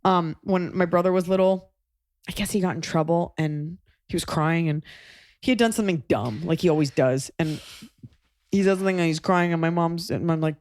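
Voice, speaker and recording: A woman from Texas hosting a podcast, chatting casually and breaking into high voices to act out quotes. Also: brisk, dry recording, studio quality. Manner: animated storyteller, jumps into high voices for quotes. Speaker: podcast host. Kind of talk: casual chat.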